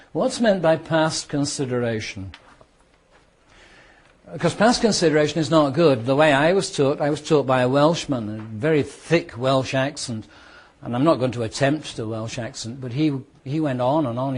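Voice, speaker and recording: A British man lectures a classroom of students on law. His voice is husky and sits slightly high. He works through examples and repeats points, varying his pace for emphasis. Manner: explains with worked examples, repeats points, speeds up and slows down for emphasis.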